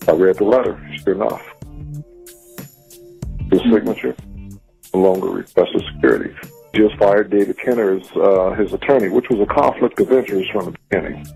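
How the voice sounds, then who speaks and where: A man's voice: sits low, brisk, vocal fry, long pauses, warm tone, faint music behind, rough recording. A man, a former security guard, telling a story animatedly and acting out other people's lines. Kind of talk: storytelling with quoted dialogue.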